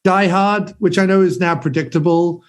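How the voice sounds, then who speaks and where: A man's voice: high voice, fairly even intonation, normal speed, a crowd in the background. A man in his forties hosting a podcast, chatting enthusiastically and rambling about films with casual swearing. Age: 40s. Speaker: podcast host.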